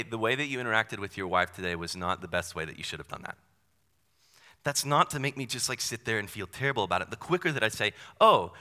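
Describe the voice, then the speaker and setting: A young man preaches with a very bright, forceful voice and an easy, conversational manner. He slips in self-deprecating asides as he works through the text. The sound carries a long reverb, as in a large hall. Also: medium pitch. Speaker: pastor. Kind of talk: sermon.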